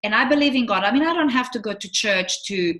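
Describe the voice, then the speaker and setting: Bright, animated woman telling stories. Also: on the high side, fast. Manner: animated storyteller, acts out quotes. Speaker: relationship coach, co-host. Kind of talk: casual chat.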